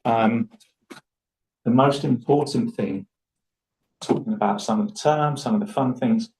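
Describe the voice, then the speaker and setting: Animated man leading a speaking workshop. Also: mid-range voice, a little slow, slight background noise, poor audio. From Scotland. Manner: animated, acts out voices in anecdotes. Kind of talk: live public speaking workshop.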